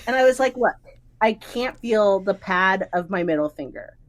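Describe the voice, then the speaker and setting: A woman's voice: medium pitch, normal speed. A woman in her thirties from the American Midwest, co-hosting a podcast and telling a story, acting out what people said with lots of "like". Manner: animated storyteller, acts out quotes, frequent "like". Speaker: podcast co-host. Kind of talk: casual chat, storytelling.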